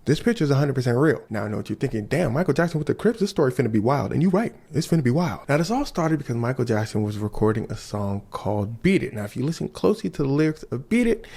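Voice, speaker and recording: A man from Los Angeles telling a comedic story with a gravelly, husky edge to his voice. His pitch sits a bit high and leaps around constantly as he plays up the drama with slangy asides. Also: fast talker, few pauses. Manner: animated, slangy, playfully dramatic. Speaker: storytelling video narrator.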